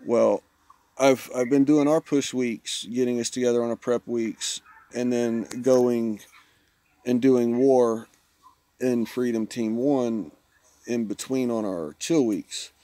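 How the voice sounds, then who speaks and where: A man's voice: mid-range voice, fairly even intonation, takes it slowly, warm tone, dry recording. A man, chatting casually with viewers while streaming a mobile game. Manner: laid-back, chatty, self-teasing. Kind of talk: casual live-stream chat.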